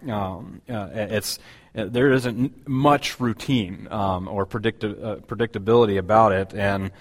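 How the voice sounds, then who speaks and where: A man preaching a sermon as pastor, talking in a conversational, halting way with many fillers and restarts. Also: fairly low pitch, fairly even intonation. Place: church.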